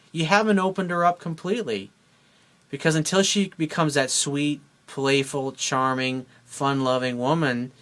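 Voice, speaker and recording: A dating coach with a somewhat high, slightly bright voice delivers a direct-to-camera monologue of blunt, forceful relationship advice. He plays both partners in a couple's exchange.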